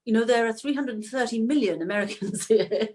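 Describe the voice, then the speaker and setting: Lively actress, middle-aged. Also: female voice, brisk. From Manchester, England. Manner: lively, laughs often, pitch leaps up when excited. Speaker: actress, guest. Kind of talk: casual interview chat.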